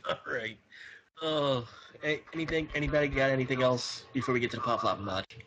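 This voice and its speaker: A man's voice: medium pitch, brisk, fairly bright tone, rough recording. A man hosting a casual wrestling podcast, loose and joking, laughing often. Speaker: podcast host. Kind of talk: casual chat.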